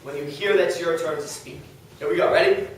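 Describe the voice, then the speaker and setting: A man teaching a class, giving brisk, directive instructions and reading a story aloud in a classroom. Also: a little high, fairly even intonation, slight background noise. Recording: echoey classroom from far off.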